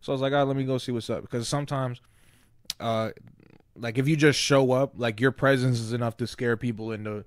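A man's voice: mid-range voice, fairly even intonation, a little fast, dry recording, studio quality. A man co-hosting a podcast, telling stories in casual chat with lots of swearing and quoted dialogue. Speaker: podcast co-host; former casino security worker.

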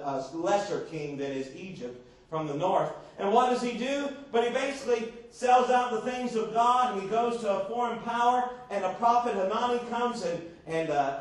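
High-voiced preacher in a very echoey hall. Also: male voice. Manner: emphatic preaching with rhetorical questions to the congregation. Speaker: pastor. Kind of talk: sermon. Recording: far-off echoey church recording.

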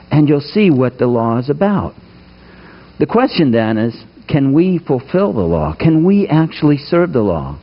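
A man's voice: mid-range voice, muffled recording. A man preaching a sermon to his congregation, emphatic, putting rhetorical questions to the listeners. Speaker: pastor. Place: church sanctuary.

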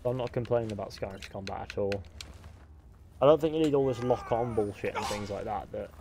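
A young man streaming a game live, chatting casually, swearing freely and answering his chat out loud. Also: fairly low pitch, fairly quick, noisy background.

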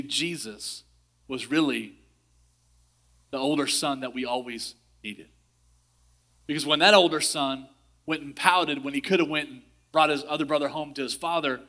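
A pastor delivers a sermon in a bright, slightly high voice. He tells a personal story with energy, then turns to earnest, heartfelt prayer. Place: church service, recorded for online streaming.

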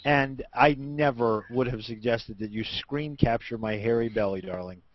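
A man's voice: mid-range voice, moderate pace. A man co-hosting a casual group video chat, bantering and playing mock-indignant. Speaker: co-host. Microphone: video call. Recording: dull lo-fi web call audio.

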